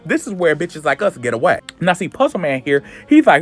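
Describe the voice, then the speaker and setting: A man casually recapping a comic book, telling it in a sassy, animated way full of slang. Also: a little high, fairly quick, hardly any pauses, faint music behind.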